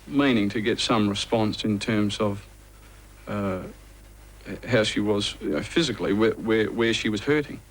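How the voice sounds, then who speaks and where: Man, documentary interview, fairly low voice, hesitant, reflective, frequent restarts. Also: normal speed, poor audio. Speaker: interviewee recalling helping a victim.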